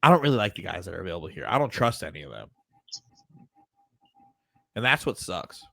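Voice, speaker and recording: A man's voice: low voice, fairly quick, vocal fry, dry recording. A man co-hosting a sports podcast, ranting casually and swearing often. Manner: profane, animated ranting. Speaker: podcast co-host.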